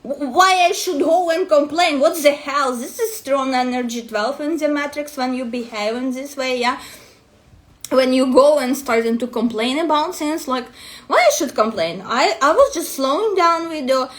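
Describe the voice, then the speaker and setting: A woman's voice: sits high, normal speed. A woman coach with a non-native English accent, ranting bluntly and profanely to her vlog audience. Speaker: destiny matrix coach.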